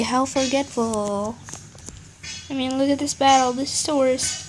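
Young female gaming host, high and unhurried, annoyed ranting commentary. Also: steady tone, a little hiss or hum. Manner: annoyed, ranting, muttering asides. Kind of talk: casual game commentary.

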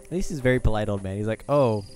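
A man's voice: fairly low pitch, lively intonation, racing, noisy background. A man co-hosting a casual let's-play, joking and chatting with the game's characters. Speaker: co-host of a gaming show.

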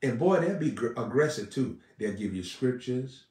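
Man preaching live, fiery and repetitive, rising to shouts; echoey room, off-mic. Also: mid-range voice, lively intonation, normal speed, distant mic. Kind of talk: live-streamed sermon.

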